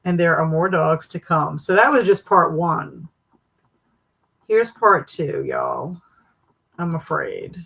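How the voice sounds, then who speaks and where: A woman's voice: low voice, lively intonation, takes it slowly, gravelly, long pauses, fairly bright tone, slightly rough, poor audio. A woman hosting a casual livestream, reacting with amused, laughing commentary. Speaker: livestream host.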